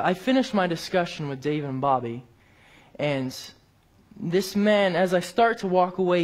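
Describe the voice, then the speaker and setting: A man preaching a sermon, telling a personal story and rising to emphatic peaks before dropping quiet. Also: on the high side.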